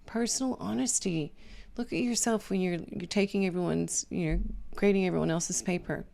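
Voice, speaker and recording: A woman with a low voice talks through everyday advice in a relaxed, conversational way. She keeps checking in with the listener by asking "right?" after her points. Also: normal speed, creaky. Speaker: podcast host. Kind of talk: casual advice monologue.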